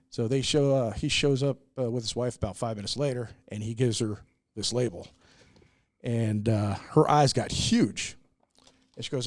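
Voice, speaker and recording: A man's voice: medium pitch, moderate pace, no echo, studio quality. A middle-aged American man, a brewery owner, telling stories in a casual interview, earnest and full of "uh"s. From United States. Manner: earnest, many "uh"s, acts out quoted people. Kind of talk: casual storytelling in a podcast interview.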